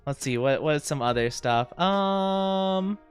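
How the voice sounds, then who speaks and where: A woman's voice: low-pitched, animated, slow, clean tone, soft background music. A woman VTuber chatting casually on a livestream, rambling and giggly with lots of fillers. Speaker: VTuber streamer.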